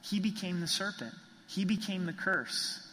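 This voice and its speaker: A man's voice: high-pitched, normal speed, sharp tone, slight background noise. Earnest preacher man in a reverberant hall. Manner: earnest, emphatic preaching with repeated phrases. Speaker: pastor. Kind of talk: sermon.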